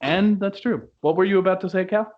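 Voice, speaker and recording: A young man with a high voice, talking a little fast, casually reviews a musical, laughing often and quoting lines in affected voices. The audio is dull and lo-fi.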